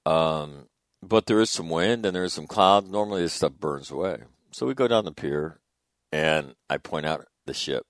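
A man's voice: extremely low pitch, animated, normal speed, no room sound, studio quality. A middle-aged man, a radio host telling a rambling, chatty anecdote with wry asides. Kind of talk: casual on-air storytelling.

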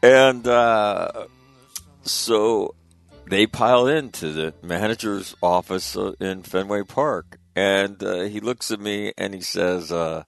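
Middle-aged male guest with a deep, low register; chatty, meandering anecdotes, lots of "uh" and restarts. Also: fairly even intonation, slow pace, gravelly, no room sound, faint music behind. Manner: rambling, conversational, frequent fillers and restarts. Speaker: guest recalling his father. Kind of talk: casual spoken storytelling.

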